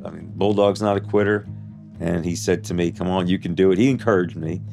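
A man in his seventies telling his life story in an interview, halting and full of restarts and "you know" fillers. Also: low-pitched, fairly even intonation, creaky, dark tone, faint music behind. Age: 70s.

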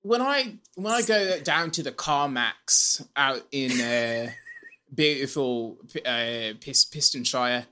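A man's voice: medium pitch, expressive, unhurried, noisy background. A man co-hosting a podcast in casual, joking banter, swearing freely and playing at being posh. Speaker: podcast co-host.

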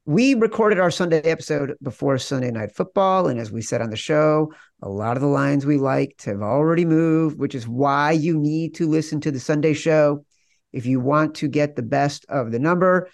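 A man's voice: a little high, creaky, dry recording. Upbeat, joking sports podcast host, man. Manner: upbeat, jokey, quick ad reads. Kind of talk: sports betting podcast chat.

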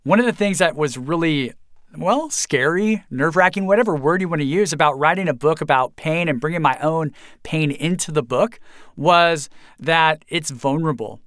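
A pastor and author giving earnest, reflective interview answers and chuckling at himself now and then. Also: male voice, fairly high pitch, moderate pace, fairly bright tone, no echo, studio quality.

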